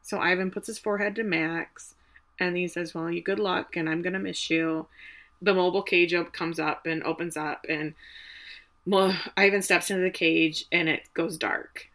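A woman co-hosting a casual chat, retelling a film's story in an animated, emotional way. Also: on the low side, moderate pace. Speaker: podcast co-host recapping a film.

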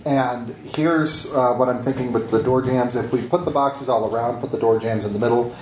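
A man's voice: medium pitch, steady tone, moderate pace, darkish tone, roomy sound, a little hiss or hum, low-quality recording. A man playing a tabletop game, laying out a plan step by step. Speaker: player.

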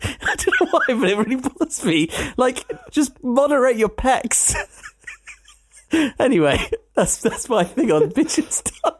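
A man's voice: extremely high pitch, sing-song, unhurried, a little hiss or hum. Giggly self-mocking man. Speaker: podcast co-host. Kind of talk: casual chat.

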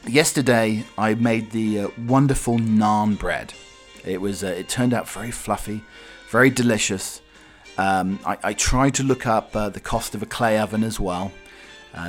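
A man from Norfolk hosting a casual solo podcast, rambling with many hesitations and restarts. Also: on the low side. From Norfolk, England. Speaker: podcast host.

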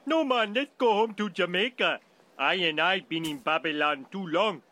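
A man's voice: sits high, normal speed, bright, forceful tone. A man voicing a goofy cartoon dad in a mock Jamaican accent, blustering and silly, played from a show clip with music behind. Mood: whiny.

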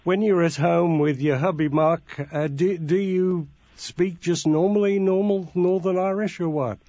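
Older Birmingham-accented radio host. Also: male voice, fairly high pitch, unhurried, dark tone, dry recording, highs cut off. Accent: Birmingham, softened. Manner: affable, laughs along with his guest. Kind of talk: radio interview.

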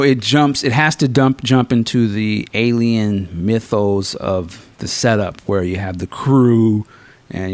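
A man hosting a podcast, reviewing a film in casual, slangy, profane chat with animated storytelling. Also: fairly low pitch, no echo. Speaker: podcast host.

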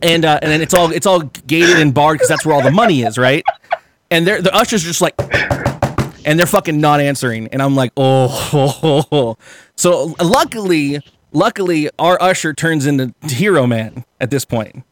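A man's voice: a little high, moderate pace, slight background noise. A man hosting a podcast, telling a long story in casual chat, swearing freely and acting out what people said. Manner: animated, swearing, acts out quotes. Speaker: podcast host.

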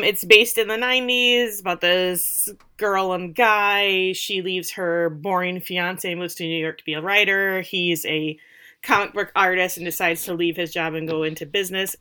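A woman's voice: on the low side, pushed and bright. A woman co-hosting a podcast in casual chat, rambling and searching for words as she goes. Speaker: podcast co-host.

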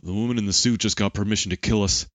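A man's voice: lowish voice, steady tone, fast, no echo, natural voice. A man doing a blunt young gang member.

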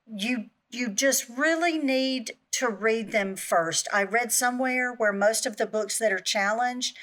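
A woman co-hosting a relaxed chat show. She is emphatic and restarts her phrases. Her voice sits a little higher than most women's. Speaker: podcast co-host. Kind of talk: casual chat.

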